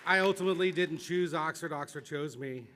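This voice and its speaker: A man from Missouri giving an earnest, halting campaign speech at a podium in a convention hall. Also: on the high side, crowd noise, noisy background. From Missouri, USA. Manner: earnest, halting with repeated restarts. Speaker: campaign speaker.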